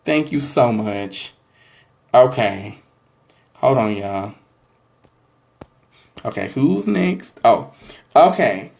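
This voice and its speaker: A man's voice: a little high, lively intonation, slow, vocal fry, long pauses, darkish tone. A man reads tarot on a live stream. He talks in an effusive, chatty way and keeps calling his viewers honey and y'all. He thanks them again and again between readings. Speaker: psychic tarot reader hosting a live stream. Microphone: livestream from a phone or webcam.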